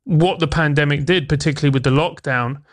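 A man's voice: on the high side, brisk. A man, a former teacher turned comedian, speaking as a guest in a radio interview, articulate and emphatic.

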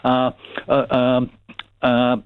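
A man's voice: medium pitch, monotone, drawn-out words, clean tone, no echo. A man with a Burnley accent calling a radio phone-in, talking hesitantly with many fillers and restarts. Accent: Burnley, Lancashire. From Burnley, England. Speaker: caller. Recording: tinny phone line, dry.

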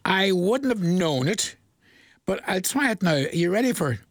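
A man's voice: high voice, very animated, normal speed, dry recording, studio quality. A man presenting a country music request show on the radio, chatty and rambling, laughing at his own jokes. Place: radio studio. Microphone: studio mic.

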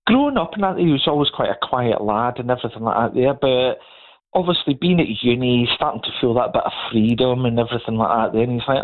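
Middle-aged Scottish man, chatty storyteller, steady mid-range voice, tinny phone-line sound. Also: mid-range voice. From Scotland. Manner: chatty, laughs through his stories. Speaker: guest. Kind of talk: casual storytelling chat.

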